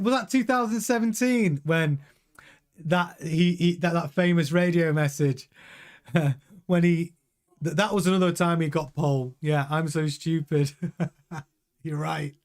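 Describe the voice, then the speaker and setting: A chatty man whose voice is slightly higher than usual gives casual commentary during a live race watch-along stream. He sounds excitable and often turns aside to answer messages from viewers.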